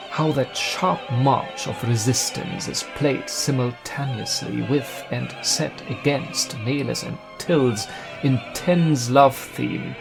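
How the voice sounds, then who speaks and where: A man's voice: mid-range voice, creaky. A man giving an earnest, admiring scripted narration about opera. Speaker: video essayist.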